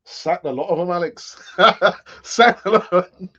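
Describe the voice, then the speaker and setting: A man doing a deliberately bad Irish accent as a fan who wants players sacked. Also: high voice, a bit bright, dull audio, voice pushed up. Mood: gleeful. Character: Irish male football fan urging mass sackings.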